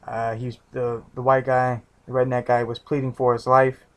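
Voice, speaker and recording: Man rambling through a flat-toned recap. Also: medium pitch, moderate pace. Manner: rambling, with many restarts and casual swearing. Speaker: TV episode reviewer. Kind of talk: casual episode recap.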